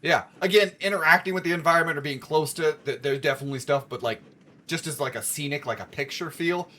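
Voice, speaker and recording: A man's voice: a little high, fast, pushed and bright. A man co-hosting a game stream, chatting and telling a joke in a laid-back way with fillers. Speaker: let's play co-host. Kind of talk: casual chat while gaming.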